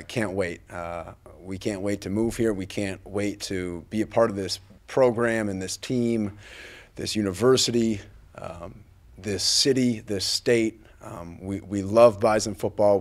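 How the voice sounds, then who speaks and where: A man in his thirties, a football coach giving earnest, grateful remarks at a press conference, full of fillers and restarts. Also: lowish voice. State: a little choked up.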